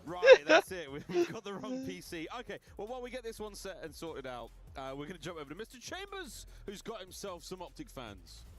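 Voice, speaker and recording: A man's voice: sits high, a little fast, few pauses, music in the background. A man casting a live esports match, who talks straight to chat and viewers. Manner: lively, addresses chat and viewers directly. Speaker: esports caster.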